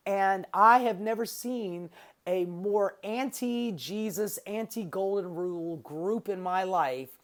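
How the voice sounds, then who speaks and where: A woman's voice: medium pitch, takes it slowly. A woman in a casual, rambling monologue, sarcastic and profane, with lots of fillers and asides. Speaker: political commentary vlogger.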